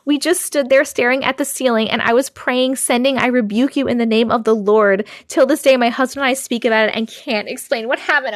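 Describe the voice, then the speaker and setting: Woman host, higher voice, dry close sound, reads spooky stories to her chat with big reactions. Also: normal speed, no room sound. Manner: expressive, reacts with gasps and laughs between reading. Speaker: live stream host reading viewer stories. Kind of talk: casual live stream chat and story reading.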